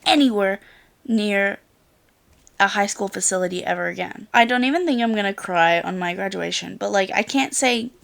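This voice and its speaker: A woman's voice: medium pitch, normal speed, gravelly, a bit bright. A young woman in her late teens chatting casually to camera as a vlogger, rambling through a story with lots of "like" and the odd swear. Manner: rambling storyteller, filler-heavy with frequent "like", swears.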